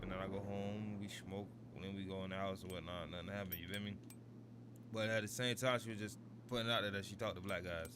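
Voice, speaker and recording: A man in his thirties with a lowish voice streams a game while telling a long, rambling story, constantly asking "you feel me." There's background noise behind him.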